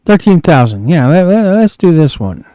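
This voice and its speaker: Fairly high and sing-song, his voice moves at a moderate pace with a mellow quality; the recording has no echo but is rough. The gaming streamer curses and grumbles in frustration over the flight game, keeping up casual gameplay commentary.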